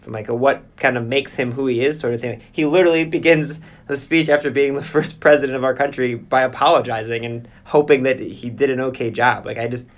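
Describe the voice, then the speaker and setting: A man's voice: medium pitch, steady tone, a little fast, hardly any pauses. Casual male interviewer. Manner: casual, rambling questions. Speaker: host. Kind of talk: interview conversation.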